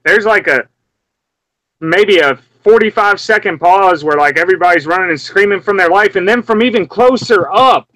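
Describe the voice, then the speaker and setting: A young man from Memphis ranting in a casual, profane way, breaking into high mocking yelps as he acts out what he heard. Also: moderate pace, fairly bright tone, no echo, low-quality recording. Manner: heated, profane, mimics screams in sudden high yelps.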